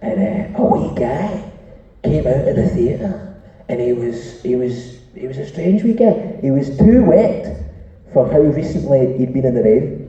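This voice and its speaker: A young Scottish comedian tells a brash, sweary story onstage in a dark, mellow voice. The sound is echoey and distant, muffled and a little hissy, as if caught from the back of a comedy venue. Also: male voice, mid-range voice, animated, measured pace. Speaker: stand-up comedian. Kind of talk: stand-up routine.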